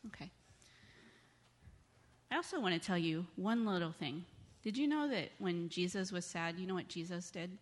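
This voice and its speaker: A woman with a fairly low voice leads a children's sermon, gently coaxing the kids with questions. Her voice rings out with the long reverb of a church sanctuary. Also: moderate pace. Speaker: children's message leader at church.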